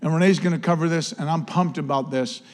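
Male pastor, 50s, grandfather, fervent church prayer, slightly high voice. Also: fast, a little mellow. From United States. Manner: fervent, repetitive prayer with rising emphasis. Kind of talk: sermon.

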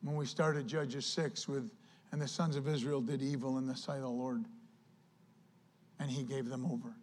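A male pastor preaching a sermon with lively delivery, acting out quoted voices. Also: medium pitch, normal speed.

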